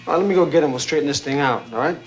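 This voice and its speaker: A steady young man, played by an actor, presses his friend with short, dry questions, quick and slightly high in pitch. Faint music sits under this old film dialogue. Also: dull audio, close to an everyday voice. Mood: needling. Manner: terse, dry, needling questions. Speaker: film character.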